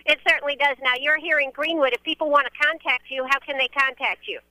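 A woman's voice: high-pitched, fairly even intonation, fast talker, pushed and bright, no room sound, rough recording. Upbeat Southern woman radio host. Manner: chatty, folksy and upbeat. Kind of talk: live remote radio interviews. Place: outdoor festival by a fountain.

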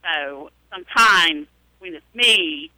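A Southern-accented woman talks about her teaching work in a live radio interview, hesitating often with fillers. Her voice is very bright, and it sounds dry and close. She is recorded live at a public library. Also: lowish voice, expressive, slow, dry recording, low-quality recording. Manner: chatty, many hesitations and fillers. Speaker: adult literacy and ESL teacher.

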